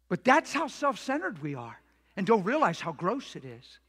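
A man preaches a sermon in a very high, forceful voice, lively and acting out the people he quotes. His voice echoes with a long reverb around the church hall. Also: brisk, breathy edge. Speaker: pastor. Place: church sanctuary.

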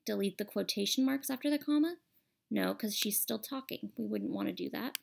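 A woman's voice: medium pitch, fairly quick, gravelly, a little hiss or hum. A woman teacher explaining a grammar lesson patiently and step by step over a screen recording.

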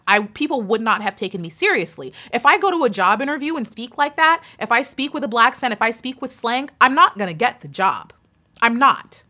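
A woman's voice: fairly high pitch, pushed and bright. An American woman talking straight to her channel's viewers in an emphatic, indignant opinion vlog, hammering her points home with repetition. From United States. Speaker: YouTuber.

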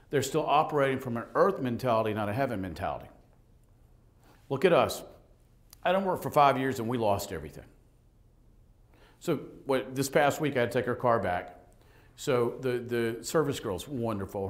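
Animated, lively-voiced male pastor. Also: medium pitch. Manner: animated, joking, acts out conversations. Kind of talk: lively sermon with storytelling. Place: church sanctuary.

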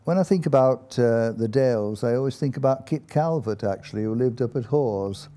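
An older male storyteller with a deep, mellow, very dark tone. He spins his anecdotes slowly, pausing and hesitating often, and speaks at an ordinary pitch for a man. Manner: unhurried, halting with many fillers. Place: country inn.

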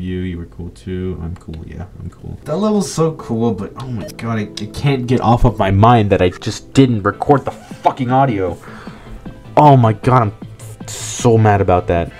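A man's voice: low voice, moderate pace, hardly any pauses, a little mellow. A man giving casual gameplay commentary, frustrated, swearing, and talking himself down. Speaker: gaming video creator. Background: faint game music.

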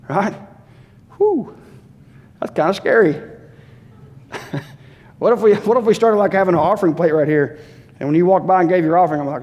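A pastor preaches a sermon in a church sanctuary, speaking conversationally, asking the congregation direct questions and voicing short quotes. His voice sits high and a little mellow, at a moderate pace with frequent pauses. The recording carries long hall reverb.

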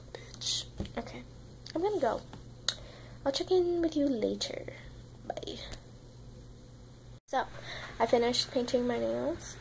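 A tired young woman talks to her camera in a rambling, foul-mouthed chat. Her voice sits high and has a gravelly fry. She is speaking indoors in a student room. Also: slight background noise, rough recording. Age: young adult. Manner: rambling, swears constantly. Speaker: vlogger.

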